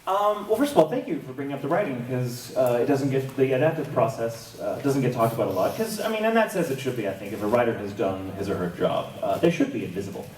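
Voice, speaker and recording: In an echoey convention hall, with a crowd present and the mic far off, a male voice actor on a panel shares stories with self-mocking wit and frequent laughter. He talks quickly and expressively with few pauses, in a mid-range, darkish voice.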